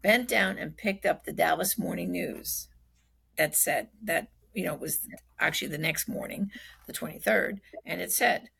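A woman telling a story in a lively, conversational way, with frequent fillers, who acts out the quoted speech. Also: lowish voice, normal speed, gravelly, slightly rough. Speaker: speaker recounting a personal acquaintance's story.

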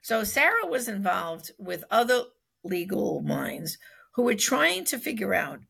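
Gravelly, husky woman telling a story. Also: medium pitch, measured pace. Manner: animated, acts out quoted speech, frequent fillers. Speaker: speaker recounting a personal acquaintance's story. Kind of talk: conversational storytelling.

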